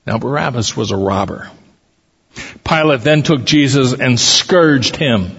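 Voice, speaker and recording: A man's voice: medium pitch, expressive, normal speed, fairly bright tone, husky. A man, a pastor, reading scripture aloud with dramatic lifts for the quoted lines, then teaching from it in a church. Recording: long hall reverb, dull lo-fi sound.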